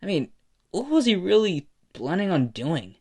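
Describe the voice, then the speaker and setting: A man's voice: high-pitched, very animated, normal speed, husky, voice pushed up, exaggerated voice. A man voicing a sneering, armed male crime boss.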